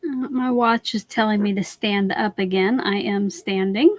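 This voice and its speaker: A woman's voice: medium pitch, measured pace, no echo. A woman hosting a live crafting stream who stands while she works and chats to viewers as she walks them through each step. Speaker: crafting channel host.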